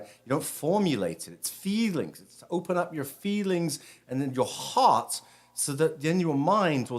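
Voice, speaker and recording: A man from Britain, a rabbi, talks through a spiritual theme in a loose, conversational ramble. His voice sits at an ordinary middle pitch. He often restarts his sentences before finishing a thought. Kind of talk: casual spiritual talk.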